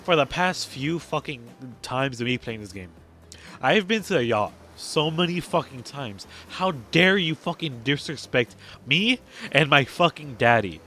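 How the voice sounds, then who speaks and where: A man's voice: fairly high pitch, expressive, unhurried, pushed and bright, soft background music. Male streamer, crude and profane, plays up fake outrage while reading a game aloud. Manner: crude, swears constantly, mock outrage.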